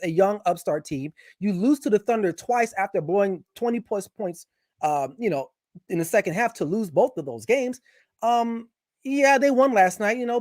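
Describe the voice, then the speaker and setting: A man guesting on a sports show, giving strong opinions in casual, animated chat, often restarting his sentences. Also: sits high, dry recording, studio quality.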